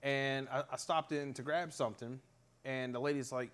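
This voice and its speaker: A man's voice: medium pitch, steady tone, moderate pace, fairly bright tone, smooth. A man with a Pittsburgh accent hosting a casual talk show, telling stories animatedly and swearing freely. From Western Pennsylvania. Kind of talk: casual chat.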